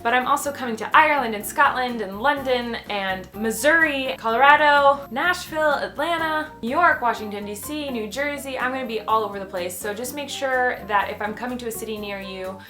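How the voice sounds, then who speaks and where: A woman's voice: fairly high pitch, fairly quick, few pauses, pushed and bright. Chatty young woman vlogging with music behind. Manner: chatty, playful and self-mocking. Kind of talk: casual vlog talk to camera.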